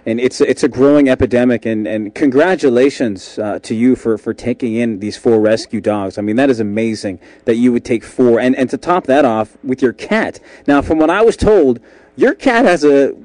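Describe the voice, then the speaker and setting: A man's voice: medium pitch, moderate pace, no room sound. A man hosting a radio interview, reacting often and asking rambling questions. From Canada. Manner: reactive, fillers and restarts, warm agreement. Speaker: radio host.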